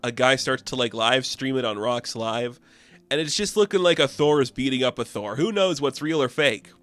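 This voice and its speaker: Dude doing a loose chatty comic recap, mid voice, gets excited. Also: male voice, medium pitch, normal speed, dry recording. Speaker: comic book reviewer. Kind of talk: casual review recap.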